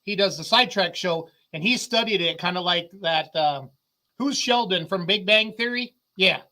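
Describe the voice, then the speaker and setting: A man hosting a livestream show in casual chat, excitable and chatty, laughing often. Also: sits high, normal speed.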